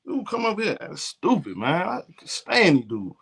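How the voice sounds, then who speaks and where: Southern man with an Alabama accent, high, bright voice, blunt, profane sports-stream host. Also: huge pitch swings, normal speed, creaky, breathy edge. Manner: blunt, profane trash talk. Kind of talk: casual live game commentary.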